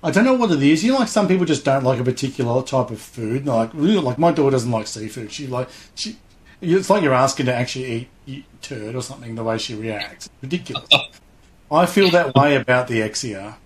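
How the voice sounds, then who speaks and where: A middle-aged man in relaxed interview conversation. He rambles with enthusiasm, slipping into quick impressions of other people, and his pitch sits squarely in the middle range. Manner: rambling, enthusiastic, acts out voices. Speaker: guest, hobby show host. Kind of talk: casual interview chat.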